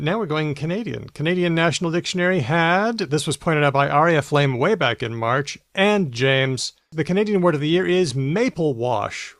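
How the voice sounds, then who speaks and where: A man's voice: on the high side, no echo, clean studio sound. A man co-hosting a casual language podcast, chatty and explanatory, reading out news items with asides. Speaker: podcast co-host.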